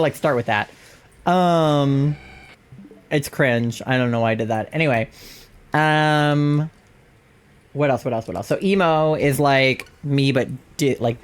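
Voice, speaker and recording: Rambling woman streamer chatting. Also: sits low. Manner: rambling, filler-heavy, laughs often. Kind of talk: casual chat while gaming.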